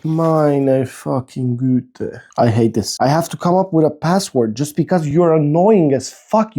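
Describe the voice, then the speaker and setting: A man talks through a phone unboxing in a loose, casual way. His voice is warm and mellow, and he swears freely, rants in frustration and jokes at his own expense. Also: mid-range voice, lively intonation, normal speed, hardly any pauses. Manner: exasperated, swearing, self-mocking rambling. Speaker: tech YouTuber.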